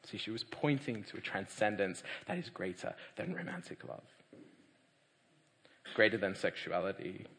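Man, young adult, lively storytelling, bright tense voice, long hall reverb. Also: fairly low pitch, moderate pace. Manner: animated, laughing, acts out voices. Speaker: speaker giving a testimony. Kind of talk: personal conversion storytelling.

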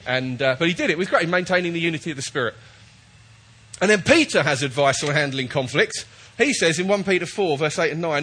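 A man's voice: on the high side, animated, a little fast, bright, forceful tone, slightly rough. A man preaching a chatty, jokey sermon while he has a cold, often checking in with his listeners.

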